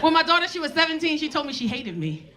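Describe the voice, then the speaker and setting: A woman's voice: high-pitched, very animated, fast, a little hiss or hum. A woman in her forties doing a brash, profane stand-up set on a comedy club stage. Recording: live club crowd laughing.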